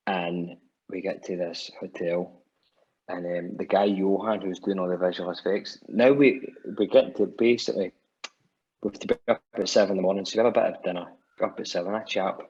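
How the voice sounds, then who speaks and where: A man's voice: low-pitched, husky, highs cut off. A Scottish man, a musician guest, telling a rambling anecdote on a podcast and acting out what people said. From Scotland. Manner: animated storyteller acting out quotes, many restarts.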